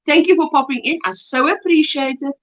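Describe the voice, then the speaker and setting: A woman's voice: high voice, steady tone, a little fast, fairly bright tone, dull audio. A South African woman hosting a casual livestream, reading viewers' chat messages aloud and answering them, laughing often as she talks. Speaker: livestream host.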